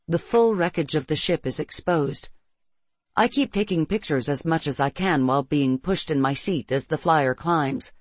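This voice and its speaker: A narrator reading a first-person science-fiction story in a steady, measured way. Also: medium pitch, dry recording.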